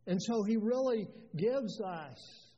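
Slow, high-voiced preacher in a reverberant church. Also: male voice, expressive, warm tone, slightly rough. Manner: earnest, emphatic preaching with repeated phrases. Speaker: pastor. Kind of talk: expository sermon. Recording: dull lo-fi sound with long reverb.

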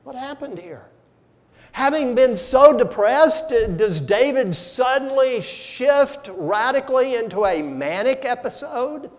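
A male pastor preaching a sermon, slow and deliberate, with dramatic swings from soft to loud. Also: very high voice, animated. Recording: long hall reverb.

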